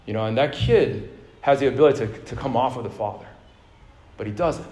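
A male pastor delivering a sermon, moving between fervent exhortation and calm storytelling, with frequent fillers and repeated words. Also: medium pitch, fairly quick, slight background noise. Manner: rising fervor, then a calm storytelling tone.

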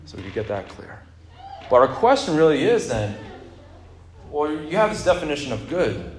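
A man preaching a sermon in a relaxed, conversational way, with jokes and asides to the congregation. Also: on the high side, normal speed. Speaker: pastor. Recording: echoey room.

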